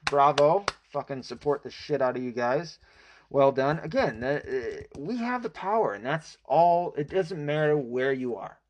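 A man's voice: on the high side, expressive, unhurried, highs cut off. A young American man hosting a casual solo podcast, rambling and swearing emphatically, a little out of breath. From United States. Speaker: podcast host. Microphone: close mic.

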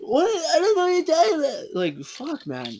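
A man's voice: very high-pitched, huge pitch swings, moderate pace, a little mellow. A young man co-hosting a podcast, joking around in casual chat and swearing freely. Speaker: podcast co-host.

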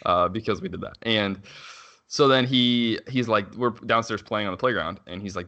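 Fast-talking low-voiced man, bright tone. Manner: rambling, frequent "like" fillers and self-restarts, quick laughs. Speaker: father telling a story. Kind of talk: casual conversational chat.

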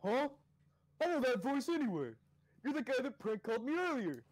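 A woman's voice: high voice, big pitch swings, fairly quick, darkish tone, no echo, low-quality recording. A woman playing a bubbly giggly twin sister. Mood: accusing. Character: bubbly cheerful girl, a boy's twin sister. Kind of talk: fan comedy dub over a video call.

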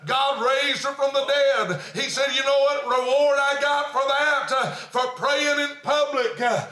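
Pastor, male, storytelling sermon, very high bright voice, echoey sanctuary. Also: steady tone, a little slow. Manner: fervent preaching that swells into shouts, with frequent "uh" fillers.

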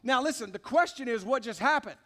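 A man's voice: very high voice, lively intonation, fairly quick, bright, forceful tone. A man preaching a sermon in a church service, emphatic and conversational, talking straight to the congregation. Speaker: pastor.

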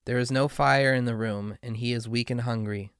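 A man voicing a kind, grave statue of a prince in a storybook reading, calm and pleading. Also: medium pitch, normal speed, clear, resonant tone, dry recording, clean studio sound, lightly acted. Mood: tender.

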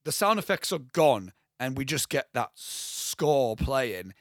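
A young man co-hosting a podcast, talking casually and excitedly about a film, rambling and swearing freely. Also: mid-range voice, takes it slowly, dry recording, clean studio sound. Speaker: podcast co-host.

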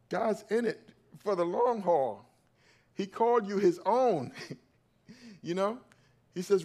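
A male pastor preaching a sermon, calling out to his congregation and swinging from loud emphatic peaks to low quiet stretches. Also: expressive, slow, long pauses. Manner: calls out to the congregation for response.

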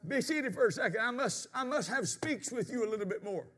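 High, bright-voiced preacher. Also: male voice, lively intonation, brisk. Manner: storytelling, shouting exclamations, preaching cadence. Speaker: pastor. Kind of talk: sermon. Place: church sanctuary.

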